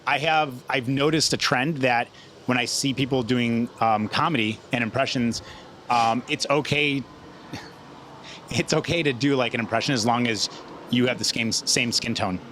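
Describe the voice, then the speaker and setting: A man's voice: medium pitch, normal speed, fairly bright tone, slight background noise. Hesitant chatty man hosting a podcast. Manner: hesitant, many restarts, laughs often. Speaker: podcast host. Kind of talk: casual chat.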